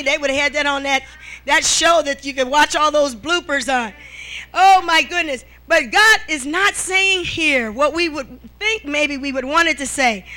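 A woman's voice: sits high, bright, forceful tone. A middle-aged woman preaching a sermon, with calls of amen and hallelujah and frequent "all right?" to the congregation.

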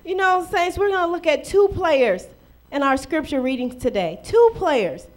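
High-voiced woman preaching a lively sermon. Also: moderate pace. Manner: lively preaching with rhetorical questions and playful acted quotes. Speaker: pastor.

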